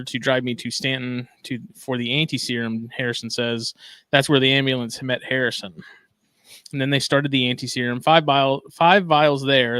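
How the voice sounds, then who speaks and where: A man's voice: medium pitch, fairly bright tone, dry recording. Laid-back man co-hosting a podcast. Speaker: podcast co-host. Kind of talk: casual chat, reading news aloud.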